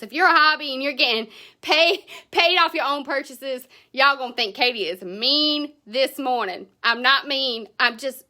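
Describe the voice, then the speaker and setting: Woman, high-pitched, bright, blunt, passionate, motivational team talk. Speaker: direct sales team leader.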